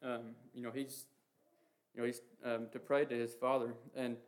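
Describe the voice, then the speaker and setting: Guy preaching, kinda flat monotone, lots of um and you know, earnest. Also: medium pitch. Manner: halting, heavy with "you know" and "um" fillers; earnest, reads scripture quotes aloud. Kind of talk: informal sermon on the Lord's Prayer.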